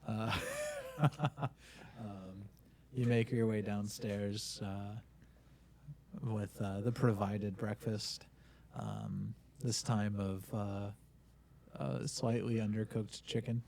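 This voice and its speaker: A man narrating a tabletop game as game master, in a low, gravelly voice. He talks in a relaxed, hesitant way, with frequent ums and uhs. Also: slow pace, slight background noise. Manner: relaxed, hesitant, many fillers.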